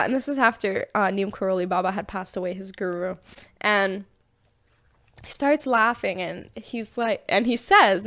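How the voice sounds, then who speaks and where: A young woman hosting a podcast, talking casually about spirituality in a chatty, animated way, with lots of fillers and frequent laughs. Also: mid-range voice. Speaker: podcast host.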